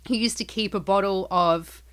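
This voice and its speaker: A woman's voice: mid-range voice, moderate pace, fairly bright tone, clear, resonant tone. A woman co-hosting a podcast, casually retelling a strange story with lots of swearing and acted-out quotes. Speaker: podcast co-host.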